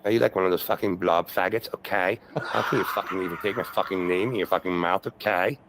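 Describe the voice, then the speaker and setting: A man's voice: deep voice, steady tone, fast talker, background noise. A man ranting on a livestream, profane and repetitive, with many fillers and constant "okay"s. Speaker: streamer in a replayed stream clip. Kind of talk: rambling livestream rant.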